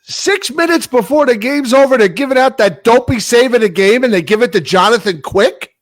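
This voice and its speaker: A man's voice: very high voice, moderate pace, no room sound. A man with a New York accent, co-hosting a casual sports podcast and ranting sarcastically. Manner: sarcastic ranting, laughs often. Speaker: podcast co-host.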